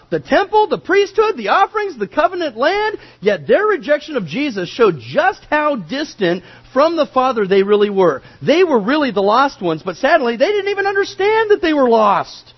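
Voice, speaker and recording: A man preaching a sermon, telling the story with animated, dramatic delivery. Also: very high voice, husky, highs cut off.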